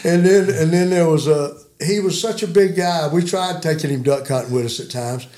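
A chuckling yarn-spinner in his sixties, this guest rambles through folksy hunting stories. He talks at a moderate pace in a fairly high, darkish voice.

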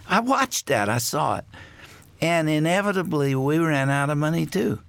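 An older man, a guest on a talk show, telling a personal family story in a reflective way with many pauses. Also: on the high side, lively intonation, creaky, fairly bright tone, no room sound.

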